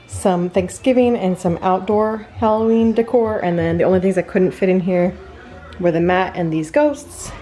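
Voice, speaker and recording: A woman's voice: on the low side, warm tone. A woman in her thirties chatting casually to camera at home in a home vlog, upbeat and thinking aloud as she talks. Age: 30s. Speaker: vlogger.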